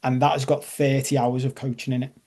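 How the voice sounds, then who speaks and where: A man's voice: medium pitch, level tone, fairly quick, mellow. A man leading a live online coaching masterclass, chatty and self-deprecating, checking in with his audience. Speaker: life coach.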